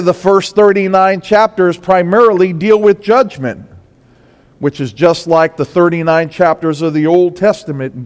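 A man preaching a sermon as pastor, impassioned, his voice rising and falling for emphasis. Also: a little high. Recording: long reverb of a large hall.

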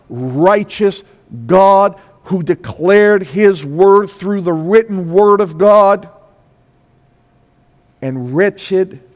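Man, pastor, slow deliberate sermon, high-pitched voice, long hall reverb. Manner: emphatic preaching, repeating phrases, rising to loud peaks. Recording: echoey hall.

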